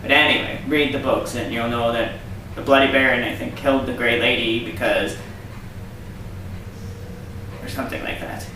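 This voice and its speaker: A man's voice: medium pitch, fairly even intonation, normal speed, long pauses, pushed and bright, recorded from a distance. A man hosting his own vlog, talking in a sarcastic, rambling rant. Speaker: vlog host. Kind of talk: casual vlog monologue. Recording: echoey room, off-mic, faint hiss.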